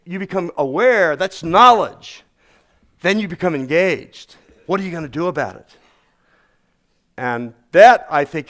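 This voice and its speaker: A middle-aged male pastor delivers a sermon in a folksy, homespun manner and repeats key phrases for emphasis. His voice sits high for a man. His pitch leaps around with lively, animated swings.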